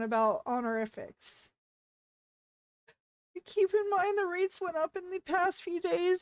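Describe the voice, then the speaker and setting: Very high-pitched, flustered woman streamer. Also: dry recording. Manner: flustered and rambling, stumbling over words; giggly. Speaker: VTuber streamer. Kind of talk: casual live-stream chat with viewers.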